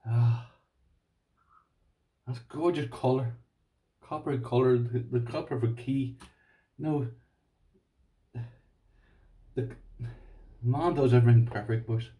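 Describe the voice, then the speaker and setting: A man's voice: medium pitch, fairly even intonation, takes it slowly, pauses often, distant mic, highs cut off. A man with an Irish accent chatting casually on his vlog, gushing and repeating himself as he talks to his viewers. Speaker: lockpicking vlogger. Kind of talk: casual excited unboxing chat.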